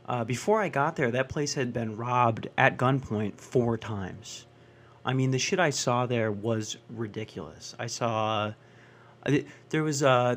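A young man telling stand-up stories in an ordinary mid-range voice. He swears freely, sounds exasperated, and jumps into the voices of the people he describes before dropping back to his own flat delivery. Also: medium pitch. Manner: profane, exasperated, acts out characters. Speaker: stand-up comedian. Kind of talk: stand-up storytelling.

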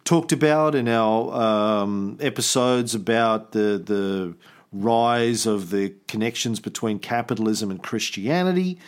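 Animated man telling history. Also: on the low side, measured pace, clean tone. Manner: animated storytelling, swears, puts on voices for quotes. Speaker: podcast host. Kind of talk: casual history podcast chat.

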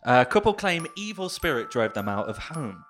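A man's voice: a little high, sing-song, moderate pace, fairly bright tone, faint music behind. A man co-hosting a casual chat, reading a news story aloud with jokey, sweary asides and frequent laughs. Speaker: podcast co-host.

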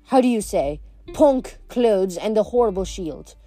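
A woman's voice: mid-range voice, animated, measured pace, dark tone, faint music behind. A woman reading aloud, voicing a scornful male villain with a put-on French accent. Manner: stiff, scornful.

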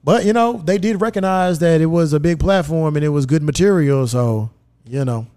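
A man's voice: fairly high pitch, moderate pace. A man hosting a podcast, telling a story in casual, profane chat and acting out the dialogue. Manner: profane, animated, acts out quoted dialogue. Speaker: podcast host. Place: podcast studio.

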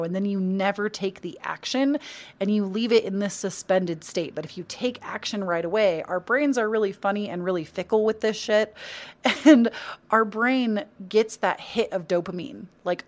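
A woman's voice: medium pitch, moderate pace. A young adult woman hosting a casual solo podcast, chatty and encouraging, with lots of "um" and "like". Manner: chatty, encouraging, with many fillers like "um" and "like". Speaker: podcast host and content creator.

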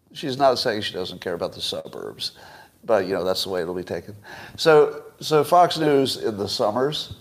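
Wry chuckling older man hosting. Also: lowish voice. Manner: wry, chuckling, quizzes his audience. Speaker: podcast host. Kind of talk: casual solo commentary livestream.

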